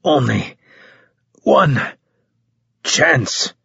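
A gruff, wounded soldier , as a male narrator puts him on, barks short, urgent orders between gasps, pitched a little above the narrator's own husky tone. The sound is dry and slightly muffled, like a close-miked audiobook. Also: animated, a little slow, bright, forceful tone, no room sound, heavily acted. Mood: urgent, strained. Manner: terse, urgent, gasping for air.

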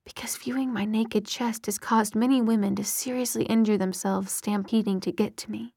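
A woman reading a young man's lines in a soft breathy whisper, a whispered role-play of an intense, lovestruck hero. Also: high-pitched, fairly even intonation, normal speed, no echo, studio quality, exaggerated voice. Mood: teasing.

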